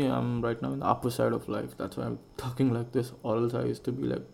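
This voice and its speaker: A man's voice: medium pitch, little pitch movement, fast talker, vocal fry, hardly any pauses, darkish tone. A young man hosting a casual solo podcast, rambling and musing aloud and swearing freely. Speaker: podcast host.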